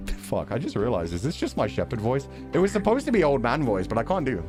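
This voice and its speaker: Man, streamer, casual gaming commentary, very lively pitch, swearing, faint background music. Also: a little fast. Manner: animated, swears freely, laughs often. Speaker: streamer playing a game.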